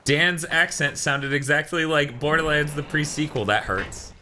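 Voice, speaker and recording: A man's voice: a little high, moderate pace, sharp tone, a little hiss or hum. A man co-hosting a casual gaming stream, reading viewer messages aloud and adding joking asides. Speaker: stream co-host reading chat.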